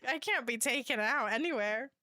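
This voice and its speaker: Giggly, bright-voiced woman streamer. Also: fairly high pitch, normal speed, no echo, studio quality. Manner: giggly and chatty, laughs often; reads viewer messages aloud. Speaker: livestreamer. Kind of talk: casual chat with a live audience.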